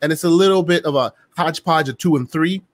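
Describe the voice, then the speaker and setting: A man hosting a casual gaming podcast, talking in an animated, chatty way with lots of fillers and restarts. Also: on the high side, quick pace, no room sound. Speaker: podcast host.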